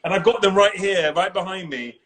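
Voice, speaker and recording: A man's voice: high-pitched, fairly quick, a crowd in the background. A man with an English accent hosting a casual live video chat, playful and teasing, laughing often. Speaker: host. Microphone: video call.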